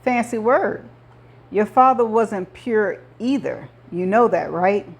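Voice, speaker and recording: A woman's voice: medium pitch, lively intonation, slow pace, creaky. A woman reading an audiobook, voicing an older male mob boss who talks like a movie gangster, menacing and jovial. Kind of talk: audiobook character voice.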